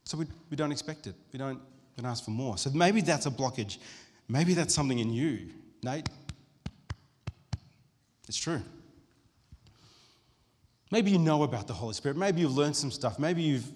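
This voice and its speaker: A pastor giving a conversational sermon, with frequent restarts and asides to the congregation. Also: male voice, mid-range voice, lively intonation, moderate pace, pauses often, a little mellow. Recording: long hall reverb.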